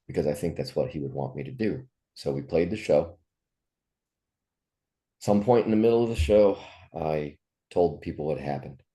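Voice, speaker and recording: A man's voice: very deep voice, lively intonation, normal speed, pauses often, dark tone. A man in his fifties, a musician telling personal stories in an interview, speaking in a raw, profane and heartfelt way. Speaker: musician guest. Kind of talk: candid interview storytelling.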